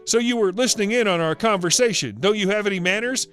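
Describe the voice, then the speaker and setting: A man's voice: sits high, quick pace, a bit bright, soft background music, voice pushed up. A man voicing a young husband who mockingly teases a rude stranger, sly and playful.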